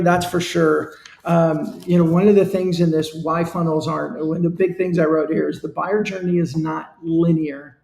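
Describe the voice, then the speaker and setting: Earnest man with a gravelly voice. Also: on the high side, darkish tone, roomy sound. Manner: earnest, conversational, coaching tone. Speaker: show host. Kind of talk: live-stream business talk.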